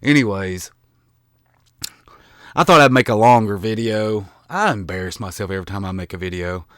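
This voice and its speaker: A man's voice: lowish voice, moderate pace, fairly bright tone, no echo, clean studio sound. A man from the American South with a Southern accent, chatting casually to camera in a rambling, self-deprecating way with many restarts. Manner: colloquial with mild swearing. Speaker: vlogger.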